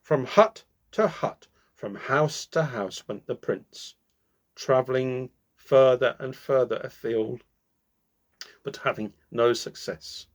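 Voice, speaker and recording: A man reading a fairy tale aloud, with slow, expressive pacing and dramatic pauses. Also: mid-range voice. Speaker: storyteller.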